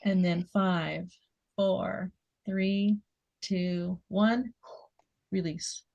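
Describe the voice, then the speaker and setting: Slow, soothing woman guiding relaxation. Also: lowish voice, fairly even intonation, creaky, dull audio. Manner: slow, soothing instructions with soft laughs. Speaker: relaxation guide. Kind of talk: guided muscle relaxation exercise.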